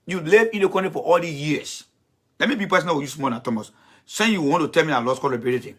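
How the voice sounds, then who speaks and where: A man hosts a blunt, confrontational political rant, swearing freely. His voice is bright and a little husky, sitting somewhat high for a man. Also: quick pace. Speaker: political commentator host.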